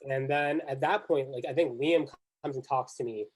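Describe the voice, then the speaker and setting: A man who is a guest on a podcast, recounting a strategy game in a relaxed way and leaning on "like, you know" throughout. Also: medium pitch, normal speed, breathy edge. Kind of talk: casual chat recapping an online strategy game.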